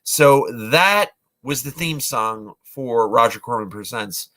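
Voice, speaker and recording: A man's voice: medium pitch, lively intonation, takes it slowly, bright, forceful tone. A man in his forties who casually retells movies, rambling, with lots of fillers and restarts. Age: 40s. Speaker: vlogger, movie reviewer.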